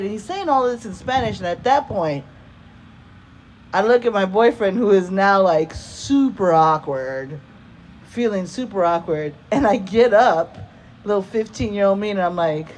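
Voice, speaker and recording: Woman storyteller, unhurried and profane, live-stage anecdote delivery. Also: medium pitch, lively intonation, a little mellow, slight background noise. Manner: casual, profane, laughing asides. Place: live storytelling event before an audience.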